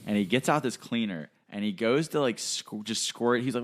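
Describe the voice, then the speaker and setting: A man's voice: fast, hardly any pauses. A young man hosting a podcast, telling a story in casual chat and acting out the people he quotes. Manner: animated storyteller who acts out quotes in a higher voice. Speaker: podcast host.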